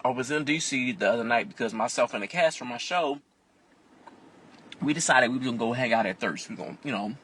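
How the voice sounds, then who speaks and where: A man vlogging from inside a car, telling a candid, profane personal story with animated delivery. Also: mid-range voice, fairly quick, breathy edge. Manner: animated and profane, acts out other people's voices.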